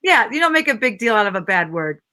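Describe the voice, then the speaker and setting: A woman's voice: on the high side, sing-song, bright, forceful tone. A woman with a Minnesota accent hosting a casual live chat, joking and playful. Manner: playful, joking, quick to laugh. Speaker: live show host.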